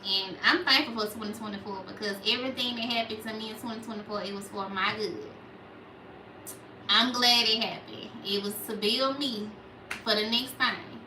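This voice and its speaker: A young woman with a Memphis Southern accent talks casually to her livestream viewers in a small, rather high voice. She chats along and reads out their questions. The sound is roomy and echoey, as if she sits back from the mic. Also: fairly even intonation, normal speed, far from the mic, background noise. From Memphis, Tennessee. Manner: chatty, reads out viewer comments. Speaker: livestream host.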